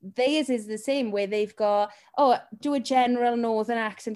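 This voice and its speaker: Woman agent chatting, earnest and quick, laughs easily. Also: medium pitch, fairly even intonation, darkish tone. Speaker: talent agent. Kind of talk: casual chat.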